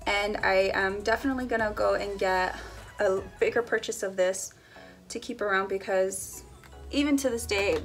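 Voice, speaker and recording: A woman's voice: mid-range voice, creaky, a bit bright. A young woman chatting casually as she unboxes baby samples for a family vlog, giggling now and then. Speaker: family vlogger.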